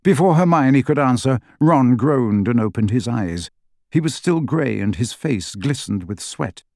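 A man's voice: medium pitch, expressive, a little slow, a little mellow, no room sound. Man with a dry, close narrating voice. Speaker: audiobook narrator. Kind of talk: scripted narration.

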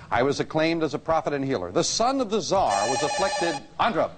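A man hosting a television quiz show, reading clues and scores in a brisk, upbeat way. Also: fairly high pitch, very animated. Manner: upbeat, reads clues crisply. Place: TV studio with live audience. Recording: noisy broadcast with loud audience.

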